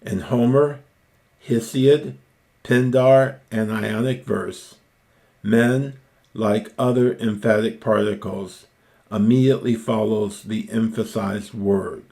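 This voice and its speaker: A man teaching ancient Greek, reading Homer slowly and stopping to explain each word. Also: on the low side, fairly even intonation, gravelly, warm tone. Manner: slow, deliberate, repeats and parses each word.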